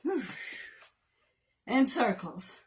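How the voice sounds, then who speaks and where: A woman with a high, sing-song, slightly mellow voice draws out her words as she hosts a live workout, chatting and joking with viewers, counting reps aloud and working through exercises. She sometimes breaks into playful off-key singing and sounds strained at times from the effort. The mic is far away, with slight background noise, and the talk is casual livestream workout chat.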